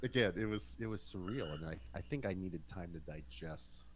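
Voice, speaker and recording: A man's voice: sits low, normal speed, highs cut off, a little hiss or hum. A man in casual conversation on a podcast, telling stories from his career and acting out the voices of people he quotes. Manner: animated, acts out quoted voices. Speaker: guest wrestler. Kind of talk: casual storytelling.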